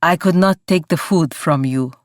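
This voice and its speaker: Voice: medium pitch, moderate pace, no echo, clean studio sound, lightly acted. A narrator voicing a hungry young Sicilian immigrant laborer who speaks careful, formal English. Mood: earnest.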